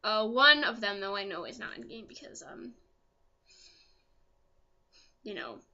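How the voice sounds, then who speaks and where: A young woman vlogger chatting casually as an excitable fan, full of ums and asides. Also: mid-range voice, brisk, dull audio. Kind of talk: casual chat.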